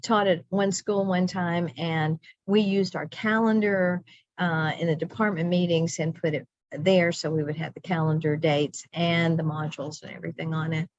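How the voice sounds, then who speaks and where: A woman's voice: lowish voice, fairly even intonation, moderate pace, no echo, muffled recording. A middle-aged woman leading a recorded teacher training session, chatty and self-interrupting, laughing at herself.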